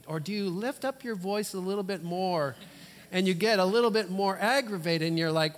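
A male pastor preaching a sermon in a church, emphatic, with dramatic pauses and sudden loud bursts. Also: sits high, long reverb tail.

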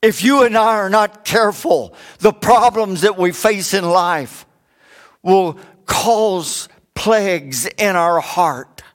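A middle-aged man preaching a sermon, rising for emphasis and dropping low for joking asides. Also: slow, a bit bright. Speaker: pastor.

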